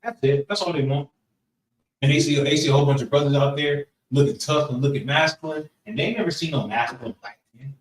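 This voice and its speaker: A man's voice: fairly high pitch, quick pace, slight background noise. Man, class leader, casual preachy delivery, echoey room, mic far off. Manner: casual, repeats phrases, asks the room for agreement. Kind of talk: preaching-style group lesson.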